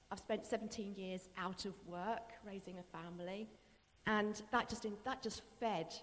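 A middle-aged woman giving a personal testimony in an earnest, emotional way that often drops to a hushed voice. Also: on the low side, big-room sound. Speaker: church member giving testimony.

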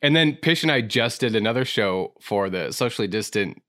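A man's voice: on the low side, expressive, normal speed, fairly bright tone, no room sound, studio quality. Chatty, self-teasing male podcast host. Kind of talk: casual chat.

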